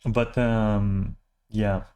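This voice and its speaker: A man's voice: lowish voice, level tone, extremely slow, darkish tone, smooth. A man ranting casually to camera, rambling and self-deprecating, swearing freely and restarting his sentences often. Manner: frequent restarts and filler words. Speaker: vlogger.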